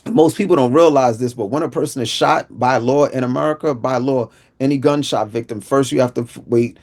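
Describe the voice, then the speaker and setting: A man giving an inspirational talk, telling a personal story vividly and acting out what people said in street slang. He drops low and quiet at solemn moments. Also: a little fast. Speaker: inspirational speaker.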